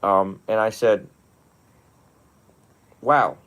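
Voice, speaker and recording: A young adult man, a monastic teacher, talking one on one in a lively storytelling way with frequent laughs. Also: on the low side, drawn-out words, clean tone. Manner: animated storytelling, often laughing. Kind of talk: one-on-one mentoring talk.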